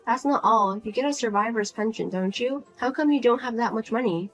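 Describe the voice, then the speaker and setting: A woman playing a fed-up grown daughter who speaks flatly and firmly to her pushy mother in a narrated drama. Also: a little high, fairly quick, faint music behind. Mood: accusing. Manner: flat, firm, cold and blunt. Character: Lizzie, grown daughter, cool, blunt, fed up.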